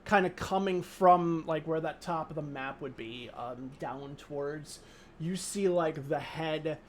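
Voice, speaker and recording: A man's voice: a little high, measured pace, slight background noise. A man running a tabletop game as game master, rambling through scene descriptions with many fillers and restarts.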